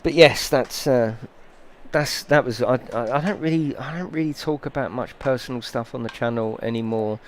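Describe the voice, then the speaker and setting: A middle-aged British man with a medium-pitched voice chats casually at normal speed on a sim racing live stream. He's a rambling, sweary storyteller who gets more heated as he goes.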